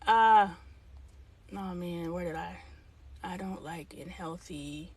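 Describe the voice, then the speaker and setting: A woman's voice: on the low side, slow, husky, dry recording. Frank woman chatting on a livestream. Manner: frank, animated, thinks aloud while reading comments. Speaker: livestream host. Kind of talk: casual livestream chat reading comments.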